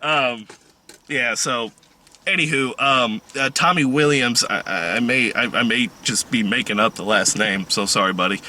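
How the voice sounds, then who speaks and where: A man with a strikingly bright, ringing voice chats casually on a podcast. He rambles through stories, swears freely and laughs often, at a middling pitch. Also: moderate pace. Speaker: podcast host. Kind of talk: casual chat.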